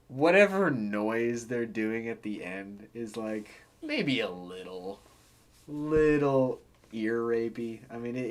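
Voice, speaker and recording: A man giving a casual, hesitant and rambling review of a song, laughing between thoughts. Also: mid-range voice. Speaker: album reviewer.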